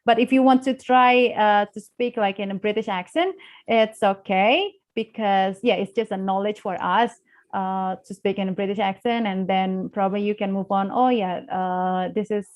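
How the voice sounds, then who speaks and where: Indonesian-accented young woman guest, hesitant and full of fillers, mid-pitched voice. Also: steady tone, moderate pace. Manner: hesitant, many fillers and restarts. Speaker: guest speaker on English accents. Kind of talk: live online class discussion.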